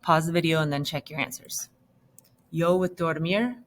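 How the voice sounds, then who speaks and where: A woman's voice: sits low, normal speed, slight background noise. A woman teacher explaining grammar step by step in a patient, recorded lesson. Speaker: Spanish teacher.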